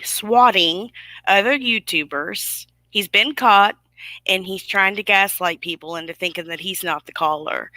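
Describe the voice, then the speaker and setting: A woman's voice: fairly low pitch, sharp tone, no echo. A woman hosting a livestream, ranting with indignant, sarcastic emphasis to her viewers. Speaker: YouTube livestream host. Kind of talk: casual livestream commentary.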